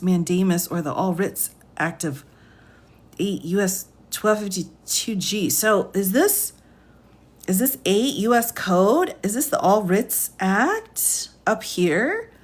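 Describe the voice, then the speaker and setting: A woman attorney reading a court filing aloud on a live stream. She stops again and again to sigh, reread lines and ask "what?" in disbelief. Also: mid-range voice. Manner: incredulous, interrupts her reading with sighs and "what?"; breaks long sentences apart and rereads them aloud.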